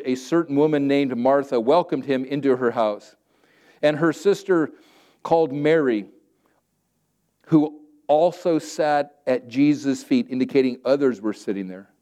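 A male pastor preaching a sermon, swinging between loud emphatic declarations and quiet, conversational asides. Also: medium pitch, clean tone.

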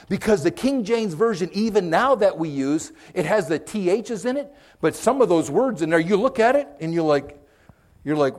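A man preaching a conversational sermon, folksy and direct with his listeners, swinging from loud emphasis to hushed, whispered moments. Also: fairly high pitch. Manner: folksy, direct, addresses listeners with okay and amen.

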